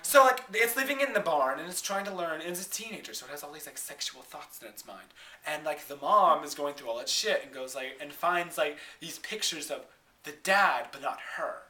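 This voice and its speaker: A man's voice: on the high side, lively intonation, fairly quick, pushed and bright. A man retelling a movie plot in a casual, rambling way, full of fillers, bursting into laughs and acting out the characters' lines. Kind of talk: casual dramatic movie recap.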